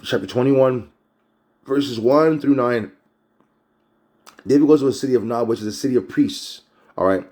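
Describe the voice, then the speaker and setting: A man's voice: medium pitch, moderate pace, pauses often, warm tone. A man teaching a casual Bible chapter recap, conversational and a bit preachy.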